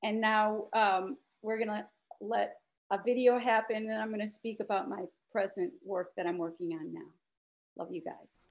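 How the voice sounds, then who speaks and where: A woman's voice: mid-range voice, steady tone, normal speed. A woman guest artist at an online event, effusively thanking the host and the audience. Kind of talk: live online event greeting.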